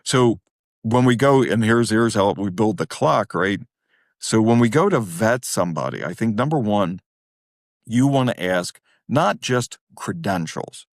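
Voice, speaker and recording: Low-voiced man telling stories. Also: a little slow, no echo, clean studio sound. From Wilmington, Delaware. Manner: animated, self-deprecating, jumps into quoted voices. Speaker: guest therapist. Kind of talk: casual storytelling in a podcast interview.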